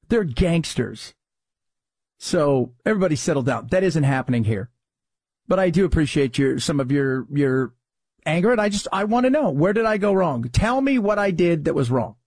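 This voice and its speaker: Husky, animated man ranting. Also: high-pitched, normal speed, no room sound. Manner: sarcastic, exasperated, animated. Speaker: commentary show host. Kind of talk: opinionated commentary.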